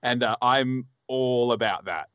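A man's voice: mid-range voice, measured pace, a bit bright, clear, resonant tone, no room sound, lo-fi sound. Rambling, profane man on a dry mic. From Australia. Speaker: podcast co-host. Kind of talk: casual chat.

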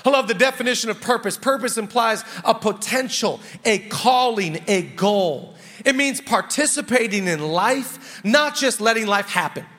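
A middle-aged man from the United States preaching a sermon as pastor, energetic, with quick asides to the congregation. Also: high voice. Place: church auditorium. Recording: long reverb of a large hall.

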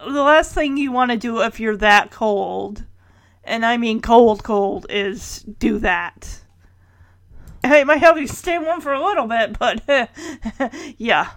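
A woman's voice: fairly high pitch, no echo. A middle-aged woman casually recapping a TV episode, chatty and wry, with laughing asides. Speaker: show recapper.

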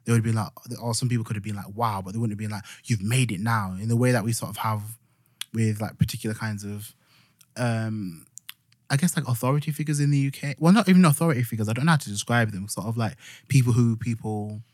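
This young Yorkshireman talks fast in a lowish, darkish voice, recorded with clean studio sound and no echo. Co-hosting a casual podcast, he rambles and retells stories with plenty of fillers and restarts.

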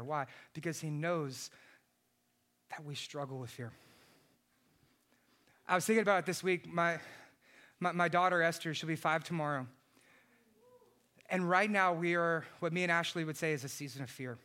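Bright-voiced impassioned male preacher. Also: fairly high pitch. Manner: impassioned preaching, shouting at peaks then dropping soft. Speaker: pastor. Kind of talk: sermon.

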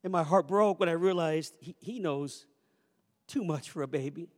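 A man preaching a sermon as a pastor, telling a story with animated, acted-out quotes and repeated refrains. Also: a little high, moderate pace, long reverb tail. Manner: animated storyteller who acts out quoted voices. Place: church sanctuary.

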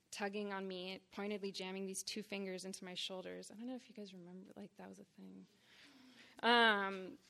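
Woman, 30s, writer reading her memoir live; measured phrasing, gravelly edge. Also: mid-range voice, a bit bright. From Boston area, United States. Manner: deliberate, measured reading in short phrases with blunt frankness. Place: reading series event before an audience.

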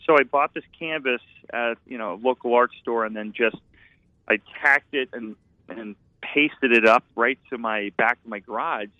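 A man's voice: mid-range voice, moderate pace, no room sound. A man, a painter and former architect, telling his story in an earnest, rambling way over a tinny, phone-like sound. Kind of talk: reflective storytelling.

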